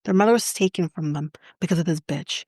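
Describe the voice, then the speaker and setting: A woman's voice: on the low side, fast, a little mellow, breathy edge, no room sound, studio quality. A Canadian woman co-hosting a podcast, retelling a story in casual chat in an indignant, impassioned and blunt way. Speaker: podcast co-host.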